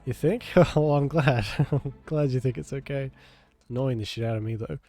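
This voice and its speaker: A man's voice: medium pitch, moderate pace, mellow, soft background music. A man streaming a video game, talking casually with a nasal, congested voice from a cold, joking and swearing. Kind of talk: casual gameplay commentary.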